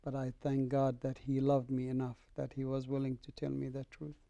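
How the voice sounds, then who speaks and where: A man's voice: medium pitch, moderate pace, gravelly, no room sound, highs cut off. A middle-aged man from the Middle East, a guest telling his conversion story in an interview and acting out the dialogue. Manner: animated storyteller, acts out dialogue. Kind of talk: personal testimony in an interview.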